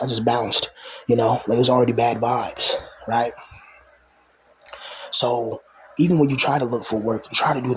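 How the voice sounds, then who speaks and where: A man's voice: mid-range voice, slight background noise, poor audio. A young man venting in a rambling casual monologue to camera, aggrieved, full of fillers and restarts. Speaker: vlogger.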